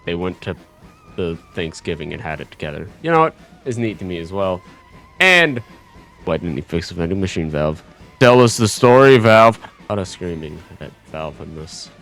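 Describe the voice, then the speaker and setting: Casting: man, low voice, brash sweary gaming commentator with offhand asides. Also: sing-song, moderate pace, bright, forceful tone, soft background music. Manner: brash and profane, with joking asides and self-corrections. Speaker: gaming YouTuber. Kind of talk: casual tier-list commentary read from a script.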